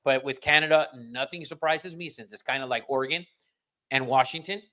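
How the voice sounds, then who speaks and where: A man's voice: medium pitch, a little fast, pushed and bright. A man hosting a podcast, ranting in casual, profane chat that rambles with restarts. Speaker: podcast host.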